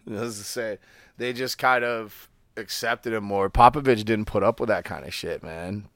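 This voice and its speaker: Gravelly, low man in casual sports banter. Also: a little slow, fairly bright tone, dry recording, clean studio sound. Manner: profane, rambling, laid-back storytelling. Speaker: podcast co-host.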